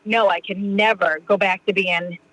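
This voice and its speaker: A woman's voice: medium pitch, fairly even intonation, moderate pace, a bit bright, no echo, poor audio. A woman in her thirties from Massachusetts, a podcast guest chatting casually about her recovery, rambling with lots of "you know" and restarts. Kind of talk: casual interview talk.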